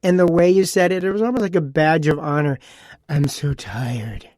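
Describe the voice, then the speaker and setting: A man's voice: high voice, fast talker, a little mellow, dry recording, clean studio sound. A man hosting a casual solo podcast. He talks in a chatty, rambling way, repeating phrases and adding asides. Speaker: podcast host.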